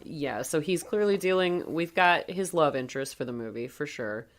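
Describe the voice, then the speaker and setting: A woman's voice: sits low, moderate pace. A woman co-hosting a podcast in casual chat, talkative and playful, laughing often as she recaps scenes. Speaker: podcast co-host.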